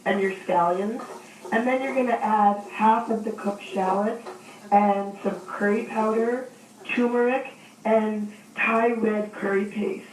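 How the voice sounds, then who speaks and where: A woman chef and cookbook author with a hoarse, gravelly voice from a cold, calmly guiding a cooking demo step by step over the phone, with many ums. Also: mid-range voice. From Maine. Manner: explains steps warmly in detail, with ums. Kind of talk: casual instructional chat. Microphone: phone line. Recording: echoey, distant, faint noise.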